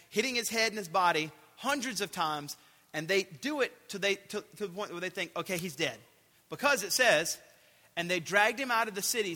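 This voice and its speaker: High-voiced guy preaching, bright and punchy, big reverb-y hall, acts out the quotes. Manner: animated, acts out quotes, shouts for emphasis. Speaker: pastor. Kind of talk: sermon.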